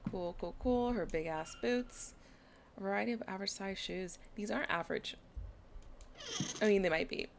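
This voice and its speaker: Woman gamer, casual commentary, gravelly fry, noisy hissy recording. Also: mid-range voice, normal speed, pauses often. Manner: chatty, reads item text aloud. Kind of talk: casual let's-play commentary.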